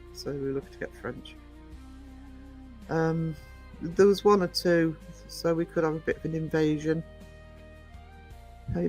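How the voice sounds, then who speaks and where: A woman's voice: deep voice, rough recording. A woman from northern England hosting a casual live stream, chatty, reading out the chat and laughing often. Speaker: livestream host.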